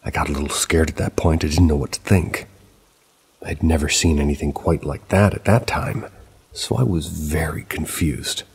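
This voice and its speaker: A man calmly narrating a true paranormal story in a steady storytelling manner. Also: extremely low pitch, moderate pace, creaky, slightly rough. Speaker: narrator of submitted paranormal stories.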